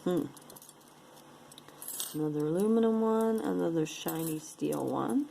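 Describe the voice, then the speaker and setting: A woman's voice: on the low side, a little slow, creaky, mellow, a little hiss or hum, low-quality recording. A woman casually showing and describing jewelry pieces one by one, with playful sing-song asides. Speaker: jewelry unboxing vlogger. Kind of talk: casual show-and-tell commentary.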